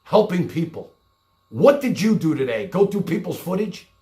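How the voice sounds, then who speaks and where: A man's voice: high voice, big pitch swings, normal speed, dark tone. A man hosting his own livestream show, ranting at a caller, swearing and repeating the same accusations. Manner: berating, swearing, hammering the same words over and over. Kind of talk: heated rant at a caller.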